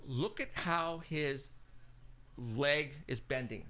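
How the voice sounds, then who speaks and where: A radio show host telling an excited, casual story, acting out both sides of a phone call. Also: male voice, mid-range voice, takes it slowly. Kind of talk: casual chat. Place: studio, live stream.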